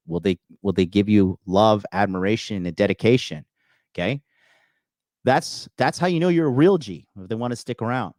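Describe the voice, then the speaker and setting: A man's voice: fairly low pitch, a little mellow, dry recording. A man in his thirties hosting a call-in coaching show, talking in a boastful, profane, emphatic way with lots of fillers. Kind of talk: casual livestream monologue.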